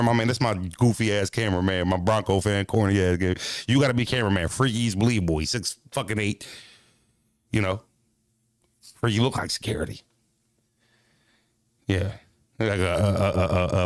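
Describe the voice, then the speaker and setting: A man's voice: on the low side, dry recording, clean studio sound. Brash profane male streamer. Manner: brash, profane, rambling, repeats himself. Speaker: streamer and battle-rap commentator. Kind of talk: casual stream talk.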